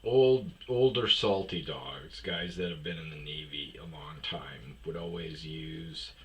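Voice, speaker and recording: A man's voice: extremely low pitch, a little slow, a bit bright. A young adult man telling a rambling, profane, jokey story in a casual vlog. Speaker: vlog host.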